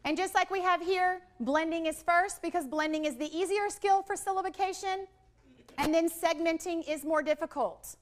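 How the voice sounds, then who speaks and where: A woman's voice: very high-pitched, normal speed. A woman trainer presenting a teacher workshop in a training room, explaining teaching methods and leading the audience in call-and-response drills. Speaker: literacy trainer.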